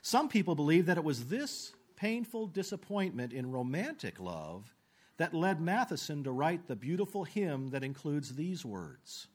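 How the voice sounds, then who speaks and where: A man preaching a sermon, earnest, slowing down for scripture and falling low at the ends of phrases. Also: very animated, husky. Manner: slows down for quoted scripture.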